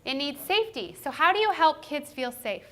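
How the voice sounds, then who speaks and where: A woman in her thirties giving a workshop presentation as a trainer, animated and quick to laugh. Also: sits high. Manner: animated, laughs often, acts out quoted voices. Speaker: parenting and behavior trainer.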